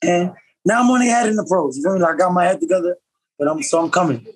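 A man from upstate New York talks quickly and loosely, full of slang, as he tells his story on a podcast. His voice is high for a man and has a husky grain to it. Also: rough recording. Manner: fast, slangy, animated storytelling. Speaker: podcast guest, professional boxer. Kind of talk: casual storytelling.

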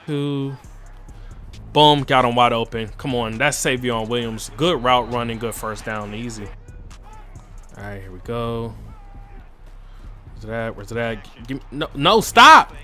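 A man talking through his football video game in casual gameplay commentary, muttering to himself and then yelling when plays go right or wrong. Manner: talks to himself, swings from low muttering to excited yelling. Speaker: gaming channel host.

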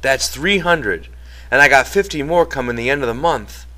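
A man's voice: mid-range voice, lively intonation, moderate pace, sharp tone, voice pushed up. A man voicing an elderly one-handed ranch hand who talks in an eager, pleading, plain rural way.

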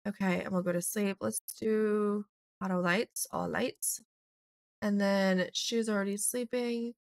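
A young woman hosting a casual let's play, chatting through her game and voicing quick lines for her characters. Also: mid-range voice, a bit bright, no room sound. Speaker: gaming channel host.

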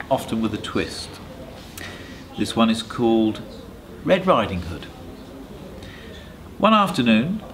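A man on a school staff reading a fairy tale aloud, steady and expressive. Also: mid-range voice, slight background noise.

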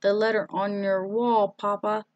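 A woman voicing an eager, bold young girl who pleads in a rushed, breathless way. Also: medium pitch, flat delivery, darkish tone, dry recording, lo-fi sound, close to an everyday voice.

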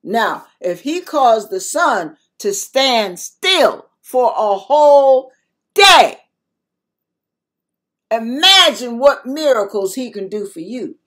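A woman's voice: a little high, very animated, takes it slowly, a bit bright. An older woman giving a spoken devotional sermon to her viewers, emphatic and repetitive as she exhorts them. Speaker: christian video preacher.

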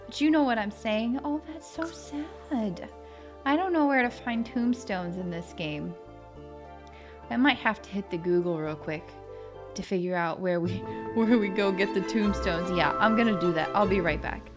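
A woman's voice: medium pitch, normal speed, music in the background. A young woman casually commenting on a life-simulation game, chatty and emotional, talking to her characters and viewers. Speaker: gaming video host. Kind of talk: casual let's-play commentary.

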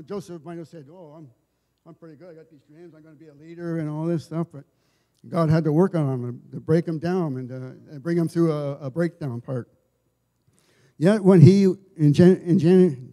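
A man giving an informal church sermon, telling stories in a halting way, often repeating and restarting his words. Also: fairly high pitch, warm tone. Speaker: lay preacher. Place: church service.

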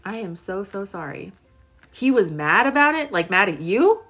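A woman's voice: mid-range voice, very animated, moderate pace, a bit bright, husky, soft background music. A young woman in her twenties doing a casual live-stream tarot reading, chatty and full of filler words while she talks to viewers. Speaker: tarot reader.

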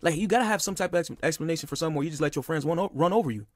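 A man's voice: on the high side, rapid-fire, no echo, studio quality. A young man telling a personal story in a casual, rambling and heated way, with lots of "bro" and "like.". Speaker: podcast speaker.

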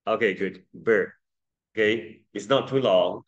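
Male classroom teacher, unhurried delivery, patient and repetitive, coaching vowel sounds. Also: fairly low pitch, dull audio. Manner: slow, patient drilling, repeating sounds for students. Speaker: English pronunciation teacher. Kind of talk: classroom lesson.

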